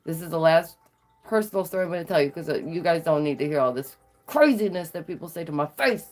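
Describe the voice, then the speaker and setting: A woman vlogger telling stories to her viewers in a sassy, animated way, laughing often. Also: low-pitched, fast. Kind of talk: casual storytelling to viewers.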